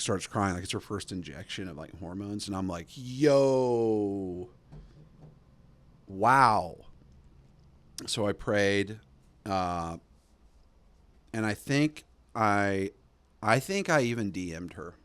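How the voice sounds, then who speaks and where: A man with a fairly low voice tells a long, rambling story on his podcast. He fills it with "like" and "you know". He jumps up in pitch when he acts out what people said. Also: fairly bright tone. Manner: conversational, acts out quoted lines with jumps in pitch; drawling fillers like "like" and "you know". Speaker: podcast host. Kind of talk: casual storytelling monologue.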